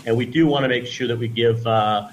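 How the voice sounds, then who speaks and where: A man's voice: medium pitch, fairly even intonation, brisk, a little hiss or hum, low-quality recording. A man, a guest on a radio show, chatting casually and effusively, rambling with restarts and praise. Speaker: guest presenting T-shirts.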